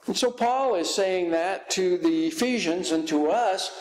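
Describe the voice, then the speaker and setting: A guest pastor, a man, preaching a sermon in a church, slow and halting with frequent fillers. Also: high-pitched, rough recording.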